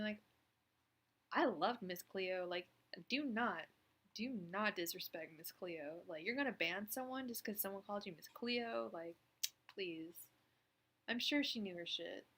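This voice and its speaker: A woman's voice: medium pitch, measured pace, a bit bright. A woman in her thirties, a tarot reader chatting casually on a live stream, rambling with lots of fillers.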